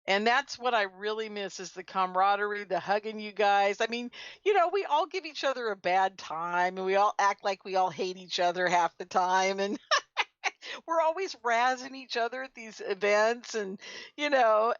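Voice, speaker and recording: A woman guest on a radio talk show, telling lively stories and laughing often. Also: medium pitch, no room sound. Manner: animated storyteller, laughs often. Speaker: guest, conference organizer. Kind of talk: casual radio chat. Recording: muffled lo-fi audio.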